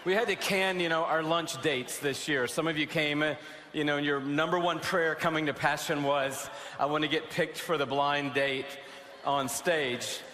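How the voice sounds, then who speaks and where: Excited man hosting in an echoey arena. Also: fairly high pitch, normal speed. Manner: gushing, loose, with fillers and restarts. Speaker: conference host. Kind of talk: excited stage address. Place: large indoor arena. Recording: echoey arena with crowd noise.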